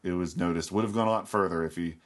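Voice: sits low, fast talker. A co-host of a casual chat about classic films, wry and explanatory. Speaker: podcast co-host.

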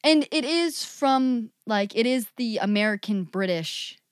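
A woman's voice: fairly high pitch, expressive, a little slow, clean tone, no room sound, studio quality. A woman co-hosting a podcast in casual, chatty conversation. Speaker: podcast co-host. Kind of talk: casual chat.

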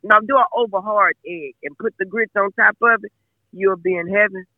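A woman's voice: mid-range voice, moderate pace, dry recording, phone-quality sound. A woman talking casually as an interview guest about her son, emphatic and fond of repeating herself. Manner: chatty, emphatic, repeats phrases. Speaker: guest, mother of a football player.

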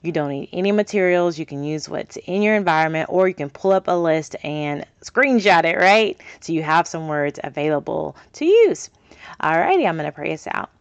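Deep and expressive, this woman's voice moves at a moderate pace in a muffled recording with no echo, made in a small closet home studio. On her podcast she cheerfully walks parents through early reading skills, casually asking "okay?" again and again.

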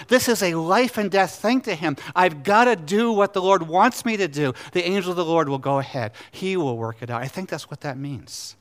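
Animated man preaching a sermon. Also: fairly high pitch. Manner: animated, acts out scripture characters in paraphrase. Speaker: pastor.

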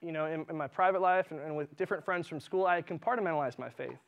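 High-voiced impassioned male preacher. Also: fast talker, vocal fry, dull audio. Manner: impassioned, conversational with fillers. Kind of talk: sermon. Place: church.

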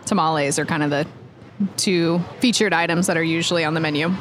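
A woman's voice: low-pitched, steady tone, fast talker, a little hiss or hum. A woman co-hosting a food show who describes tacos in chatty, enthusiastic talk. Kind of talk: casual food review chat.

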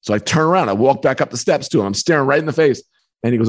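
A man, a book author and podcast guest, telling a personal story in a lively way. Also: mid-range voice, very fast. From New York. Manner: lively, acts out voices in anecdotes. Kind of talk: animated storytelling.

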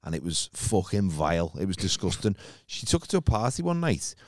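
A man's voice: deep voice, a little fast, dry recording, clean studio sound. A man in his forties, a stand-up comedian, telling stories in casual chat and swearing freely. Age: 40s. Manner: animated storyteller, swears freely.

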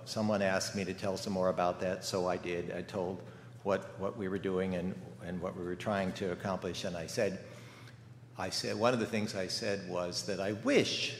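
Older male guest preacher, low voice, chatty storyteller, roomy church sound with faint background hum. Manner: storytelling, conversational with rhetorical questions. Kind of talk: sermon. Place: church sanctuary. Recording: echoey church hall with faint ambience.

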